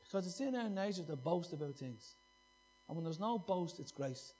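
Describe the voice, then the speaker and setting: Impassioned preacher, high voice. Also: male voice, expressive, moderate pace, dark tone. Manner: impassioned, repeats phrases for emphasis. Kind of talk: sermon.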